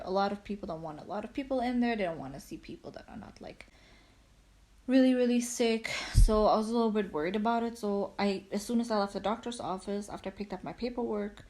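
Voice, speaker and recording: A woman's voice: mid-range voice, darkish tone. A young woman talks straight to her camera from the couch, casual and chatty. She sounds a bit short of breath, and her sentences wander, full of "like" and "um". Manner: chatty, rambling, many "like"s. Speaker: vlogger. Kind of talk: casual chat. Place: at home on a couch.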